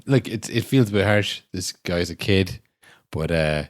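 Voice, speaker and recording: Deep-voiced man, wry podcast co-host. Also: unhurried, no room sound, studio quality. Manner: wry, rambling, swears casually. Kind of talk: casual film review chat.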